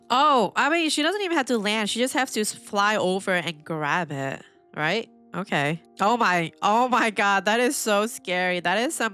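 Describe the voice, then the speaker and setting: A woman reacting aloud to an anime episode for her viewers, curious and animated, thinking out loud and teary at times. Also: medium pitch, clear, resonant tone. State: teary, emotional. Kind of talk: live reaction commentary.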